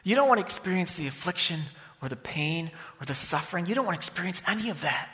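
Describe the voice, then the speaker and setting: A man preaching a sermon, swinging from loud emphasis to hushed near-whispers. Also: high-pitched, lively intonation, quick pace. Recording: long hall reverb.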